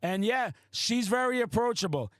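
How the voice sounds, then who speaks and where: A man hosting a podcast, a loud, excitable storyteller who swears often in casual chat. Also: very high voice, normal speed. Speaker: podcast host.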